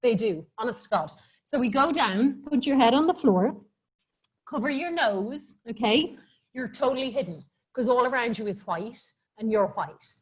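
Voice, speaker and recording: A woman's voice: a little high, animated, a little slow, slightly rough. A woman teaching a live online yoga class for children, giving playful, encouraging cues and laughing often over a video call.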